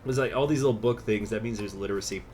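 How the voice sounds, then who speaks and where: A man's voice: lowish voice, quick pace, darkish tone, soft background music. Chatty man narrating his gameplay. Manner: rambling, chatty, lots of fillers and asides. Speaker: let's-play host. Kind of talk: casual gameplay commentary.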